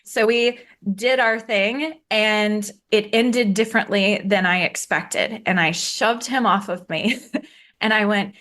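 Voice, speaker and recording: A woman's voice: medium pitch, fairly even intonation, slow pace, a bit bright. A woman in her thirties telling her own story in a candid interview, frank and plain-spoken, acting out the people she quotes with a raised voice. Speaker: guest.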